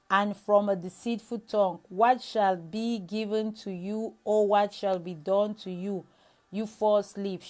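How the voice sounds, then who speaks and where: A woman's voice: mid-range voice, warm tone. A young adult woman evangelist giving a devotional sermon, reading scripture and sharing an earnest personal testimony with many restarts.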